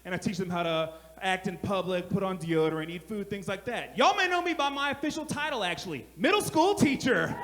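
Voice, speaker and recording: Brash male stand-up comic, high and animated delivery, live club recording with audible room noise. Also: brisk, hardly any pauses, a loud crowd. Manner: brash, animated storytelling with shouted punchlines. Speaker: stand-up comedian. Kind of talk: stand-up comedy set. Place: comedy club stage. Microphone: handheld stage mic. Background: audience laughter.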